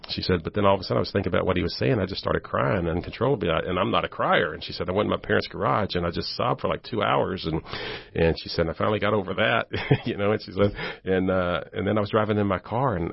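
A man who is a guest on an interview show, telling stories in a casual, animated way and acting out the voices of the people he quotes. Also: sits low, gravelly, husky, no echo. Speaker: ministry volunteer guest. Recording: dull lo-fi audio.

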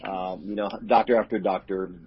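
A man's voice: lowish voice, steady tone, moderate pace, breathy edge. A middle-aged man, a pastor, telling a personal story in an interview in an earnest, emotional, open way. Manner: earnest and emotional, speaks openly about hurt. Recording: dull lo-fi audio.

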